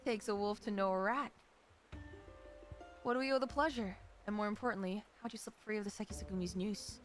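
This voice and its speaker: A woman voicing a gruff, suspicious male gang boss, sneering and low, reading game dialogue on stream. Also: brisk, faint music behind, natural voice. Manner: sneering, lower and quieter.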